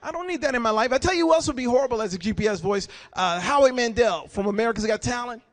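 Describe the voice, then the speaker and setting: A man's voice: very high voice, quick pace. A man doing a live stand-up set at a gala, casual and chatty, repeating words as he goes. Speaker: stand-up comedian. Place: gala banquet hall with an audience.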